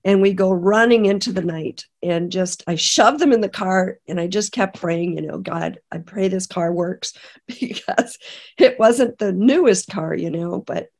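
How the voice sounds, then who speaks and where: A middle-aged woman from Canada, a podcast guest, telling an emotional personal testimony in a halting way with many restarts. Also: mid-range voice, a little mellow. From British Columbia, Canada. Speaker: interview guest.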